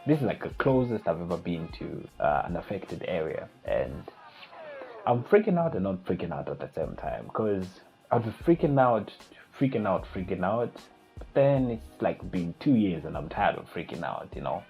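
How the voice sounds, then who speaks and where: Low-voiced young man telling an excitable story. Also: normal speed, vocal fry. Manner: animated, excitable retelling with acted-out panic. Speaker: vlogger. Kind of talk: casual storytelling vlog. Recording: slightly dull lo-fi recording with faint music.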